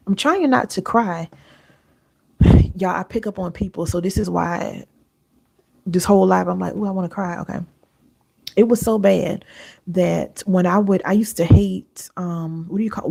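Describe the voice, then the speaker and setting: A woman with a lilt talks straight to her livestream viewers, earnest and chatty, calling them y'all. Her voice is low, gravelly and a little husky, with a warm, mellow tone. She sits close to a sensitive mic. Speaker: wellness coach hosting a livestream. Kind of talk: live stream talk to viewers.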